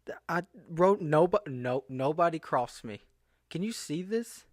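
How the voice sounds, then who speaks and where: A man's voice: on the high side, animated, measured pace, darkish tone, no echo, studio quality. A young man from the southern United States vlogging casually, rambling and interrupting himself, getting incredulous. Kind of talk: casual rambling commentary to camera. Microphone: computer screen recording.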